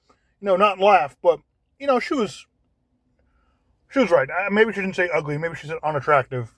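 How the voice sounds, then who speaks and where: Halting man with a higher voice. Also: lively intonation, fairly bright tone, no room sound. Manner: halting, repeats words while searching for phrasing. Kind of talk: casual monologue.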